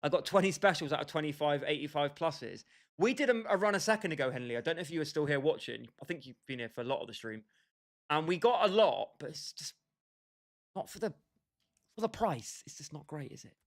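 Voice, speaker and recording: A man's voice: fairly high pitch, expressive, a little fast. A young British man casually chatting with his livestream viewers, bantering with them by name and laughing often. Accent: British English. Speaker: streamer.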